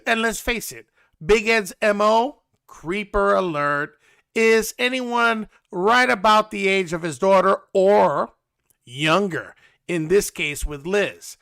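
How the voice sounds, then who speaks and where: A man hosting a casual reality-TV recap, animated and sarcastic in a gossipy way. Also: sits high, slow, vocal fry, smooth. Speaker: host.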